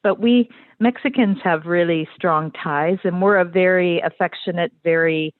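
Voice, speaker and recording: An older woman from Canada calling into an advice show, speaking hesitantly with many pauses and restarts. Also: lowish voice, no echo. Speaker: caller. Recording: tinny phone line.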